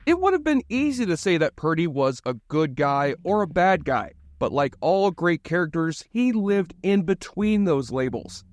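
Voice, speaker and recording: A man's voice: fairly high pitch, big pitch swings, moderate pace, few pauses, no room sound. Man narrating a scripted video essay.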